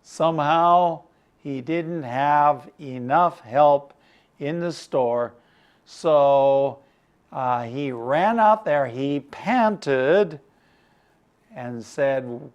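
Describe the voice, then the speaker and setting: A man teaching English slowly, reading a story aloud and explaining each phrase, sometimes giving the word in Chinese, and clearing his throat now and then. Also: a little high, lively intonation, lo-fi sound. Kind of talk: slow explanatory lesson for Chinese-speaking learners.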